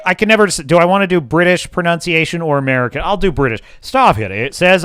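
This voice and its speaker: A man's voice: a little high, lively intonation, brisk, hardly any pauses, a bit bright, clean tone, no room sound, studio quality. A man hosting a livestream, reading chat aloud and ranting sarcastically with frequent swearing. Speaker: livestream host. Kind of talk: casual chat reading live chat.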